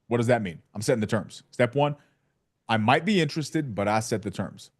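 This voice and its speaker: A male sales coach leading a live training session with an emphatic, playful delivery. He acts out his side of sales calls as he teaches. His voice sits in an ordinary middle pitch. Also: a little fast, darkish tone. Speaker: real estate sales coach.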